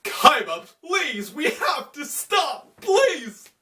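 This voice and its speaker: A man voicing an earnest young male duelist who pleads and shouts warnings. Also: wildly swooping pitch, very slow, distant mic, heavily acted. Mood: pleading. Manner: high, urgent pleading.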